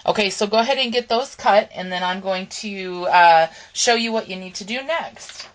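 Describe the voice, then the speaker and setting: A woman's voice: medium pitch, a bit bright, rough recording. A woman hosting a casual papercraft tutorial, talking through each step with ums and okays while she is losing her voice. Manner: chatty step-by-step instructions with frequent ums and okays. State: losing her voice, clearing her throat. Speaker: crafting channel host.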